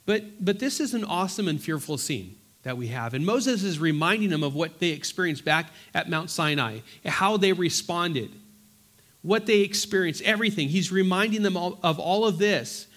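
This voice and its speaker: A man teaching a Bible study, reading scripture aloud slowly and earnestly between plain explanations, often restarting his words. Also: high-pitched, expressive, fairly bright tone. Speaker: pastor.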